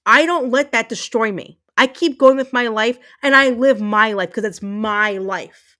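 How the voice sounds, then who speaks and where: High-voiced woman ranting heatedly. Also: a little slow, sharp tone. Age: 30s. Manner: emphatic, repetitive, heated, swearing. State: fuming. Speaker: livestream host. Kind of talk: angry livestream rant.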